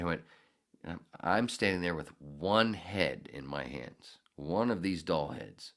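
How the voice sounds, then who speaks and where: A man hosting his own podcast, telling a story in a casual, profane and sarcastic way, acting out loud outbursts. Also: very deep voice, expressive, unhurried, gravelly. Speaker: podcast host.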